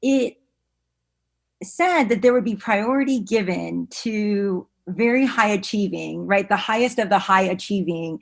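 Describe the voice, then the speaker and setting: A woman's voice: mid-range voice, measured pace, vocal fry. Earnest woman tagging points with "right?". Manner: earnest, often tags "right?" with "um" fillers. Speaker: education researcher and guest. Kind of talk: podcast interview, explaining.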